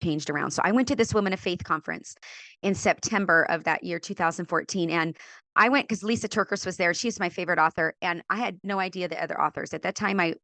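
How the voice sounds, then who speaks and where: A middle-aged woman from California, a podcast guest and author, telling her faith story in an animated way, acting out quoted voices and laughing often. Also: fairly low pitch, quick pace, no echo. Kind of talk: animated testimony in a faith interview.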